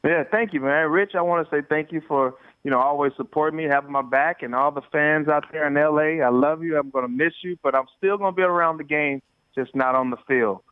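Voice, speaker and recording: Guy in his 40s phoning in, animated storyteller, tinny dry phone sound. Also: a little high, a little fast, smooth, no echo. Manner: animated storyteller, repeats words. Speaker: guest calling in. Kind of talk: phone interview.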